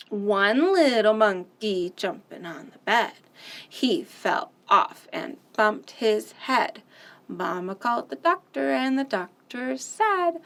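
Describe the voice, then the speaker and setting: Female children's storyteller, unhurried and sing-song, gentle nursery-rhyme singing. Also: fairly high pitch, lively intonation, vocal fry.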